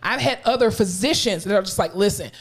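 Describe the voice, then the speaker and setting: A woman co-hosting a casual podcast, telling lively work stories and acting out the people she quotes. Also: a little fast, breathy edge. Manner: animated storyteller, swears freely, acts out quotes with big pitch jumps. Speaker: podcast co-host. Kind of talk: casual chat.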